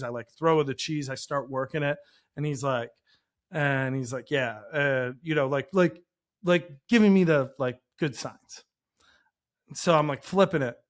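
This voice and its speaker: A man co-hosting a chat show, telling a long story in a loose, animated way with lots of filler words. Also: mid-range voice. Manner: animated, rambling, heavy use of "like". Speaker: podcast co-host, chef.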